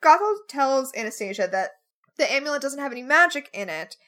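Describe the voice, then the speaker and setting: Podcast co-host, woman, high and bright, animated storytelling in casual chat. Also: brisk.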